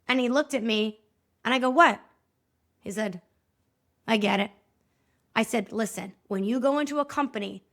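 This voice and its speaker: A woman hosting a podcast, telling a story in a lively way and acting out both sides of the conversations. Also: sits high. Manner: animated, acts out both sides of dialogues. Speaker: podcast host and movement coach. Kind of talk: storytelling monologue.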